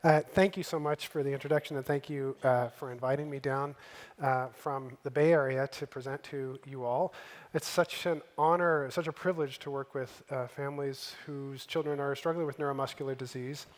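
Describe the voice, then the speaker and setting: A man's voice: medium pitch, steady tone, normal speed, hardly any pauses. A male physician giving a friendly conference presentation, with a light joke and frequent fillers. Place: large conference hall. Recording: reverberant hall sound.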